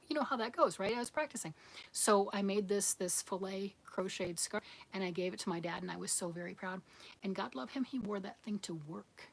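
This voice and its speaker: A woman hosting a casual knitting livestream. She reads viewer comments aloud and rambles in a self-deprecating way, with frequent restarts. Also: medium pitch. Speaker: host of a live knitting stream.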